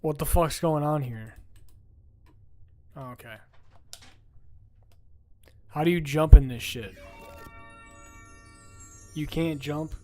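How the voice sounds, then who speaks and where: A brash young man trash-talking his way through a game stream, swearing freely and ribbing his friends. His voice sits a little higher than most men's. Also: slow pace, long pauses, mellow, faint music behind. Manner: brash, profane, mocking. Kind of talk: live game-stream commentary.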